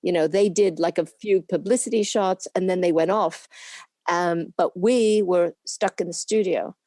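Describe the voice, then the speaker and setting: Older woman telling lively anecdotes. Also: lowish voice, unhurried, no room sound. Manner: lively anecdotal storytelling with laughs; acts out quoted people in put-on voices. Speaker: interview guest, former camera assistant. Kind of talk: casual interview reminiscing.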